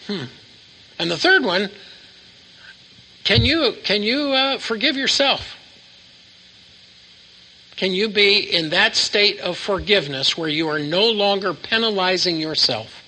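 A man's voice: high-pitched, lively intonation, measured pace, long pauses, bright, forceful tone, poor audio. A man preaching a sermon to a live congregation, asking questions and having them repeat lines back to him.

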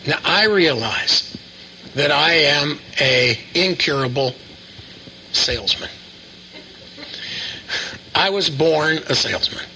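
Bright-voiced older man preaching. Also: on the high side, slight background noise, poor audio. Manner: folksy storytelling with asides and repeated phrases. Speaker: pastor. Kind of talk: sermon.

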